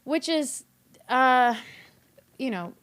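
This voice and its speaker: A woman's voice: sits high, lively intonation, extremely slow, a bit bright. A woman from Kentucky with a Southern accent, a comedian chatting candidly on a podcast, laughing through her stories and swearing casually. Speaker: comedian guest.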